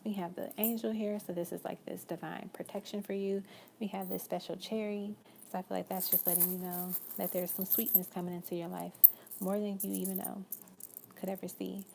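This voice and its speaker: A young woman reads tarot on a live stream in a low, gravelly voice with a mellow, dark tone. She chats casually and affectionately, calling the viewer girl and love, over a faint hum in the background. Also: level tone, fairly quick. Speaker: tarot reader.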